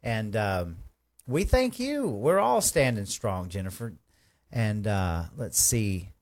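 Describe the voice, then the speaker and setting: A man hosting a live stream, giving folksy, rambling shout-outs to viewers. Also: fairly low pitch, big pitch swings, takes it slowly. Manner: effusive, folksy, rambling with restarts.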